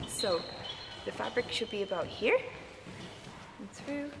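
A woman's voice: mid-range voice, expressive, measured pace, creaky. A woman circus instructor coaching a learner step by step with encouraging instructions. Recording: noisy, reverberant room from a distance.

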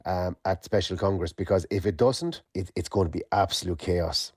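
Irish man, dark mellow sports reporter. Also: deep voice, husky, no echo, studio quality. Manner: measured, many fillers and restarts. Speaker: sports correspondent. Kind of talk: radio sports news report.

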